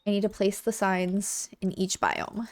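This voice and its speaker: A woman's voice: mid-range voice, level tone, unhurried, darkish tone, no echo, soft background music. Young woman, congested, casual game streamer, gushing chatty manner, dry close sound. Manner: chatty, gushing, self-correcting. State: congested, sniffling. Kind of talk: casual gameplay commentary. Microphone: own desk mic.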